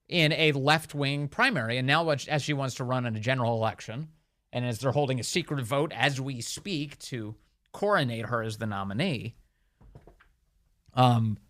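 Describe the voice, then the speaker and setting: A man's voice: mid-range voice, fairly bright tone. A man hosting a talk radio show, speaking emphatically and mocking opponents with quoted voices.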